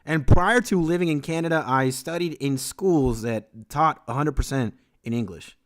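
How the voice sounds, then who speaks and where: A man's voice: fairly high pitch, moderate pace. A man from Venezuela whose first language is Spanish, chatting casually on a livestream, reading out chat and answering with boastful jokes and swearing. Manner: boastful, joking, swears freely. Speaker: streamer and beat maker.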